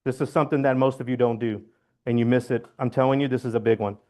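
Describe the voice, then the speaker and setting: A man giving a loud, blunt, joking talk to his real estate team, acting out phone calls as he goes. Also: mid-range voice, fairly even intonation, fast. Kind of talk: motivational team meeting talk. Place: meeting room.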